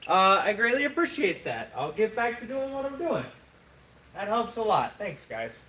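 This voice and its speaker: A man's voice: sits high, sing-song, normal speed, pushed and bright, recorded from a distance. A man hosting a casual live stream, chatting and thanking viewers between practice throws. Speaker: livestream host. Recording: echoey room with noise.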